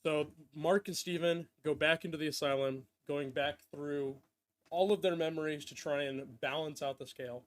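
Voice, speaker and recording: A man's voice: on the high side, fairly even intonation, moderate pace. A man hosting a casual podcast, recapping a show with loose asides and frequent laughs. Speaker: podcast host. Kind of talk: casual chat.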